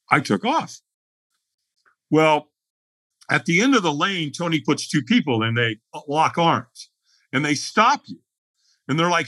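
Husky guy, kinda high voice, dry close sound, acting out his story all dramatic. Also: very animated, normal speed, sharp tone, no room sound. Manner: dramatic, acts out the scene in voices. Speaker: guest. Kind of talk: animated storytelling.

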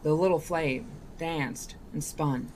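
A woman reading a novel aloud for a book club, deliberate and sometimes correcting herself mid-line. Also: low-pitched, a little mellow, slight background noise. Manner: deliberate, with small self-corrections.

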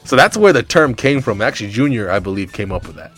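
A young man telling a comedic story in a rambling, animated way, full of filler words. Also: fairly low pitch, fast, soft background music.

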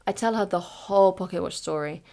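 A woman's voice: lowish voice, brisk, creaky, warm tone. A woman in her late teens, hosting a podcast and telling a chaotic, giggly, dramatic story in a casual way. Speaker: podcast host.

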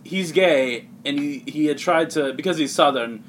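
A man with a somewhat high voice chatting casually as a podcast host. He rambles through a comic recap and leans on filler words. A faint hum of room ambience sits behind him. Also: moderate pace. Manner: rambling, heavy use of "like", laughs often. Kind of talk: casual chat.

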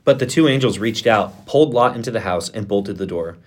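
A male pastor reading scripture aloud in a steady, measured voice. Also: fairly low pitch. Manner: steady, measured reading voice with lifted delivery of quoted speech.

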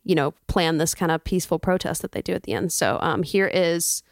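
A woman's voice: fairly low pitch, fairly even intonation, a little fast, gravelly, dry recording, studio quality. A woman co-hosting a podcast in casual, chatty talk, laughing often. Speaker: podcast co-host. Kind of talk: casual chat.

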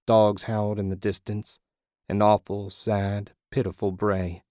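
Man, low voice, steady horror story narration, dry close sound. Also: a little slow, no room sound.

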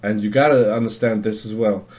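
A man's voice: on the low side, fairly even intonation, brisk, a little mellow. A man hosting a casual solo podcast, rambling and swearing with lots of fillers and restarts. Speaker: podcast host. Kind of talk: casual monologue.

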